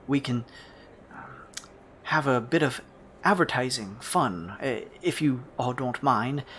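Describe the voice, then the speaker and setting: A man voicing a sly male jeweler shopkeeper with a gem for an eye, speaking in a hushed, confiding way that often drops to a whisper. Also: mid-range voice, slow, a little hiss or hum.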